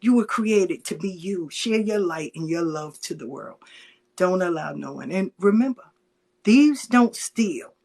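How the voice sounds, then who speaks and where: A middle-aged woman telling stories in a casual, animated chat, acting out the voices of the people she quotes. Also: fairly low pitch, normal speed, vocal fry, husky.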